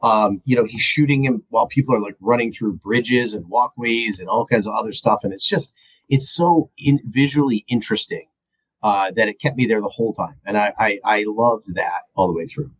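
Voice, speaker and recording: Male podcast co-host, husky, animated and rambling in film talk. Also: fairly low pitch, normal speed, rough recording. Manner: rambling, animated, mimics movie lines. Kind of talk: casual film review chat.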